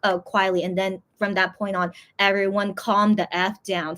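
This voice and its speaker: A woman vlogger telling a story in casual chat, rambling with lots of fillers and squealing high when she quotes others. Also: moderate pace, hardly any pauses, fairly bright tone. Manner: rambling, heavy use of "like" and "okay?", acts out others in high squeals.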